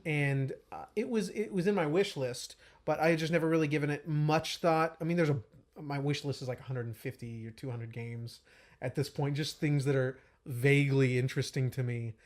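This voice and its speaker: Guy cohosting a games podcast, kinda higher voice, laid back, lots of uhs. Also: brisk. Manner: relaxed, hesitant, many uhs. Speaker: podcast co-host. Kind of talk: casual chat.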